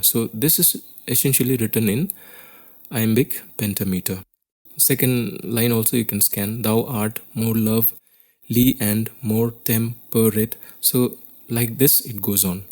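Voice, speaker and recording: A man's voice: mid-range voice, darkish tone, breathy edge. A man with an Indian English accent teaching a class lesson on poetry, explaining step by step and often checking in with "okay?".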